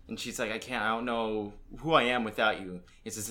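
A man's voice: on the low side, steady tone, brisk, bright, forceful tone. A man in casual conversation, narrating a comic storyline and quoting characters' lines. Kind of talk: casual comic-book recap chat.

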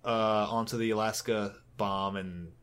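A man's voice: on the low side, fairly even intonation, a little slow, a bit bright, clear, resonant tone. A man co-hosting a podcast, recapping a comic in casual, rambling chat, swearing often and acting out the characters' lines. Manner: rambling, swears, acts out quotes. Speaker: podcast co-host.

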